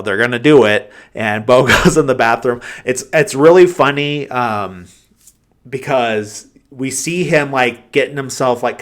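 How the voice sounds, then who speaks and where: A man hosting a podcast, recapping a film in a rambling, casual way, full of fillers and quick chuckles. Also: medium pitch. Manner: rambling, heavy use of "like" and fillers; animated retelling of scenes, chuckling. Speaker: podcast host. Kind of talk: casual film review chat.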